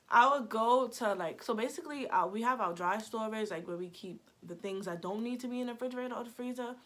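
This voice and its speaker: Chatty young woman telling a story. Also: medium pitch. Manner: chatty, animated, heavy use of "like". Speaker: vlogger. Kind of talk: storytime vlog.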